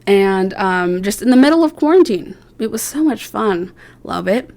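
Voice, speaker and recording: A woman's voice: medium pitch, animated, normal speed, darkish tone. Young woman, vlogger, chatty, rambling, self-mocking, filler-heavy storytelling. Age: young adult. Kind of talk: casual storytelling vlog.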